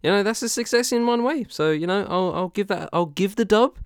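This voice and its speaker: Guy rambling on a podcast, smooth voice, dry close sound, laughs a lot. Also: high voice, a little fast, no echo. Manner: rambling, hesitant, laughs often. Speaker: podcast co-host. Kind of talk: casual chat.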